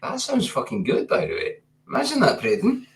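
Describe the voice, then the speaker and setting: A laid-back Scottish man chatting on a livestream and swearing casually. His pitch swings up and down in a lively way. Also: fairly quick. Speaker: guest on a livestream. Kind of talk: casual chat.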